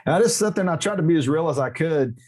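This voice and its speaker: A man's voice: on the high side, animated, rapid-fire, a little mellow. Candid, foul-mouthed man telling a heartfelt story. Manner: candid, emotional storytelling with profanity and restarts. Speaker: podcast guest, motorcycle YouTuber. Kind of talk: casual interview chat.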